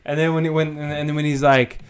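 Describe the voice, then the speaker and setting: A man co-hosting a podcast, telling stories in a lively, casual way. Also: fairly high pitch, fairly quick, a loud crowd. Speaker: podcast co-host. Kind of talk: casual chat.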